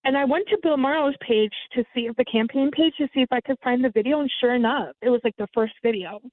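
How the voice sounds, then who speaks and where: A woman's voice: fast, dry recording. A woman telling the story of a scam in casual chat, animating it by mimicking others in a raised voice. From United States. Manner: lively, mimics others with sudden high pitch jumps. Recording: tinny phone line, dry.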